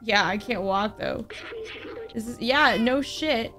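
A woman playing a video game and commenting excitedly, chatting and reading the on-screen text aloud. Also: fairly high pitch, slow pace. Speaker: gamer playing on her channel. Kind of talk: let's play commentary. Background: game music.

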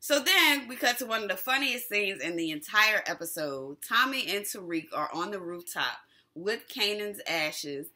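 A woman hosting a casual TV episode recap, animated and slangy, who laughs often. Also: medium pitch, normal speed. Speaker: TV recap host.

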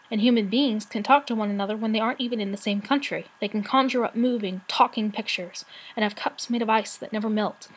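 A woman's voice: a little high, lightly acted. A woman voicing Sorrel, a cross little brownie. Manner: scolding, cross, quick-tempered. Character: grumpy sharp-tongued female forest brownie.

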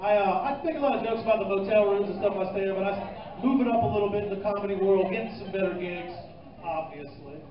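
A man's voice: sits high, fast. A man doing a stand-up comedy set, loose and profane, teasing the crowd in a live club. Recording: echoey, distant, muffled club recording with noise.

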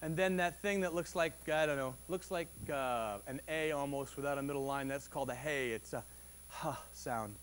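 A man preaching a Sunday sermon as pastor, animated and conversational, with frequent restarts and rising emphasis. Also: on the high side, moderate pace, slight background noise. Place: church service.

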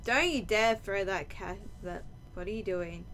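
A woman casually commentating her gameplay, excitable and playful, whooping and using slang. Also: mid-range voice, measured pace, noisy background. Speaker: let's play gamer.

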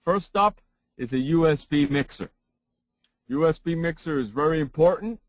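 Speaking at a moderate pace into his broadcast mic, a man who hosts sports talk radio presents a seminar on broadcasting and repeats himself to drive points home. His voice sits on the high side, and the low-quality recording has no room sound.

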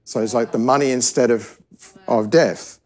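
A man's voice: medium pitch, fairly even intonation, normal speed, darkish tone. A man preaching a sermon to a church service, telling a parable in an easygoing, conversational way and often restarting his sentences. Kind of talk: sermon teaching.

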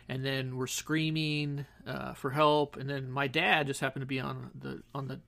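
Middle-aged male podcast host, gravelly tone, wry rambling storyteller, studio mic. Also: mid-range voice, little pitch movement, normal speed, few pauses, a bit bright. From Southern California. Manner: rambling, self-interrupting, wry asides. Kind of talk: casual storytelling monologue. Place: home studio. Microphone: studio microphone.

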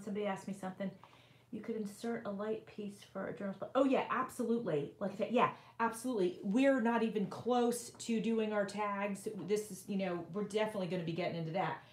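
A woman's voice: medium pitch, a little mellow, a little hiss or hum. Chatty woman crafting in an echoey room. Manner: chatty, rambling, reads comments aloud. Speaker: crafting livestream host. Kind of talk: casual livestream chat while crafting.

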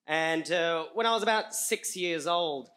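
An Australian man telling a comic story on a live stage, halting with frequent repeats and fillers. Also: on the high side, bright, forceful tone. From rural Australia.

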